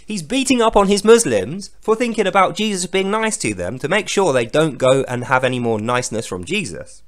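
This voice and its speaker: A man's voice: a little high, very animated, brisk. A man giving sarcastic, profane commentary on a scripture reading. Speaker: host.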